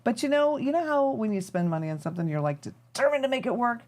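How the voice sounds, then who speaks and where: Woman host, live-stream chat, rambling and thinking aloud, lively up-and-down delivery. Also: fairly high pitch, fast. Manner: chatty and rambling, thinking aloud while tinkering. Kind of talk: casual chat to a live audience.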